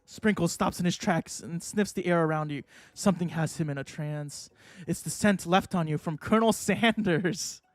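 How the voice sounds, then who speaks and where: A young adult man streaming a game, talking casually and excitably, swearing and laughing often. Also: a little high, normal speed, no room sound. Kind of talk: casual livestream commentary.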